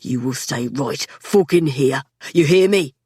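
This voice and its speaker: A woman voicing a stern, desperate young man leading a mine rescue, speaking low, clipped and strained. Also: a little slow, warm tone, husky, no room sound, studio quality, heavily acted. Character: stern, desperate young male miner leader.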